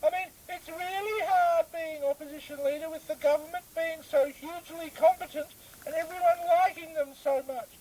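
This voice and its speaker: A man voicing a squeaky, flustered male opposition leader who keeps fumbling his own name. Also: fairly even intonation, moderate pace, a little mellow, slight background noise, poor audio.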